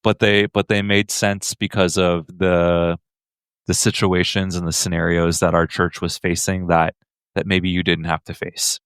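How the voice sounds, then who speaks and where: A man's voice: sits low, flat delivery, measured pace, fairly bright tone, smooth, no echo. A man from the United States, a podcast host and author, telling stories in a playful, joking way in a casual conversation.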